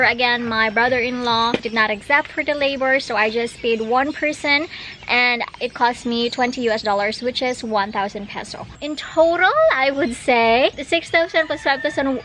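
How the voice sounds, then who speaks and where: A young woman with a Filipino accent talks straight to her viewers in a bright, high voice. She is chatty and quick to giggle. She records outdoors on a handheld camera, with a faint hiss of noise behind her. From Philippines. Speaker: vlogger. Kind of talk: casual vlog narration. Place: outdoors at a rural house.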